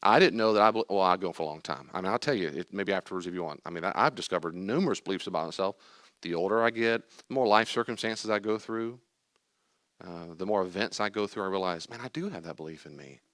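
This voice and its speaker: An older man teaching a group about anxiety in a lively way, acting out anxious worries and calm replies. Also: sits low, fast, no room sound, clean studio sound. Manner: emphatic, acts out anxious and calm inner voices. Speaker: teacher leading a class on anxiety.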